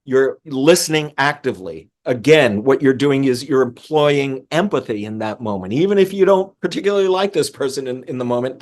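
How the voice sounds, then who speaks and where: A man coaching on emotional regulation, speaking earnestly and often repeating a word as he restarts a phrase. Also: medium pitch. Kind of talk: talking-head coaching lesson.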